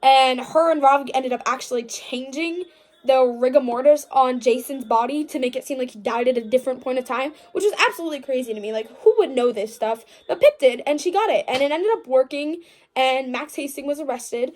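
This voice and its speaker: A woman's voice: high voice, brisk, a little mellow. A young woman vlogging a casual book recap, chatty and gushing, full of "like" fillers and dramatic mock outrage.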